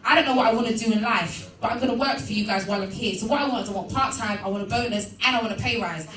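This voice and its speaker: A woman's voice: a little high, rapid-fire, a bit bright. Confident young woman telling her story. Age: young adult. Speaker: speaker sharing her story. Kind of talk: personal testimony to an audience. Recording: echoey hall from far off.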